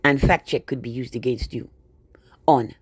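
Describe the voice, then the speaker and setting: A woman's voice: very deep voice, moderate pace, breathy edge, no room sound. Woman ranting sarcastically to camera. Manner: sarcastic, indignant, talks to viewers directly. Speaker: video blogger. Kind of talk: casual ranting monologue.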